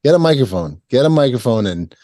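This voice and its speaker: A man co-hosts a relaxed podcast and jokes with his friends, laughing often and restarting sentences as he goes. His voice sounds dry and close to the mic. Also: mid-range voice, fast, no echo. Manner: laughing, joking, restarts a lot. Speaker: podcast co-host. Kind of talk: casual chat.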